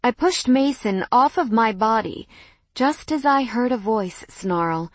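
A young adult woman narrating a first-person romance audiobook in an intimate, measured, expressive way. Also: a little high, no room sound.

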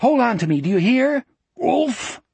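Man playing a young boy, desperate, frantic shouting, high strained pitch, dry close sound. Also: big pitch swings, measured pace, creaky, slightly rough, dry recording, heavily acted. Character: desperate young boy yelling for his friend.

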